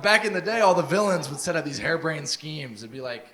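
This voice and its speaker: Deadpan young male comic, live crowd. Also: a little high, fast talker, hardly any pauses. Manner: deadpan, dark one-liners. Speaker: stand-up comedian. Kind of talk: stand-up set. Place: comedy showcase stage. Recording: live with loud audience. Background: audience laughter.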